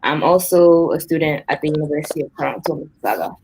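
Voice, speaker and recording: A woman's voice: low-pitched, expressive, fast, a little mellow, a little hiss or hum, poor audio. A young woman student in her twenties introducing herself with poise on a video call panel. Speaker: panel guest. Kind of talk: self-introduction.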